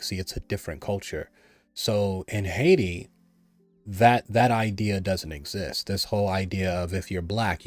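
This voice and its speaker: Man, lowish voice, emphatic and repetitive monologue, dry close sound, faint music underneath. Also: dry recording. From United States. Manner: emphatic and repetitive, mimics others in a raised voice. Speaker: commentator. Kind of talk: personal opinion monologue.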